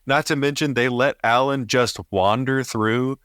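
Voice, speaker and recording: A man's voice: medium pitch, fairly even intonation, a little slow, fairly bright tone, clear, resonant tone, no room sound. A young man co-hosting a casual movie review podcast, easygoing and agreeable, laughing along. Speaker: podcast co-host.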